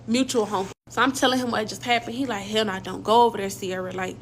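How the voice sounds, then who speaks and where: A woman's voice: medium pitch, steady tone, fast talker, a little hiss or hum. A young woman casually telling a personal story in slang, acting out quoted dialogue as she goes. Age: young adult.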